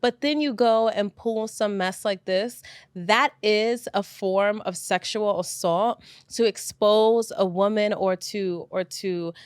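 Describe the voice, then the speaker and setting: A young woman co-hosting a casual podcast chat, blunt and animated, laughing often and cursing freely. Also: mid-range voice, slow, clear, resonant tone, dry recording. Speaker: podcast co-host.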